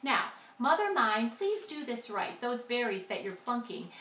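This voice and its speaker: A pushy, carefree green glunk creature gabs away in rapid patter, swinging all over a bright, lively voice, as a woman puts him on. He runs on about himself with no care for anyone else. It is read aloud in an echoey room. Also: fairly high pitch, recorded from a distance. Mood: gabbing.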